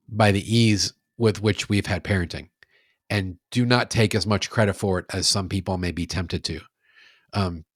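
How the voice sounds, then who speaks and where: A middle-aged man with a low, deep voice speaks as a guest in a podcast conversation. He sounds reflective and measured, often restarting his sentences. The recording is dry, with no room sound. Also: dry recording. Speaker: guest, sales author. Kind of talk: casual conversational interview.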